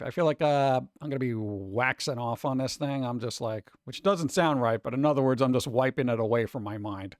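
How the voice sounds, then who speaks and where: A man's voice: mid-range voice, fairly quick, hardly any pauses, no echo, clean studio sound. A man hosting a casual stream, rambling through news with sarcastic, mocking asides. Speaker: streamer host. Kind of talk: casual chat.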